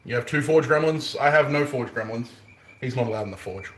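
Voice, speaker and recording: A brisk, mid-range male voice with an Australian accent, recorded with slight background noise in a roomy, echoey workshop forge. He's a bladesmith chatting casually to a live stream audience, joking, punning and laughing frequently.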